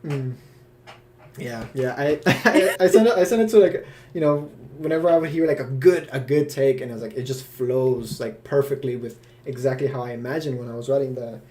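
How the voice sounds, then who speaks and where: A man hosting a live cast Q&A over a video call, rambling and excited, laughing often and filling his talk with "like" and "you know". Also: medium pitch, brisk, slight background noise. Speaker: creator and host of the live Q&A. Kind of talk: casual live chat.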